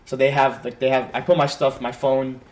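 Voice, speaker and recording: A young man on a podcast, telling a long story in a loose, rambling way. He fills it with "like" and puts on short bursts of his friends' voices. His voice is middle-pitched and plain. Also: level tone, fairly quick, a little mellow. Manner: rambling, lots of "like", quoting friends. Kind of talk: casual storytelling.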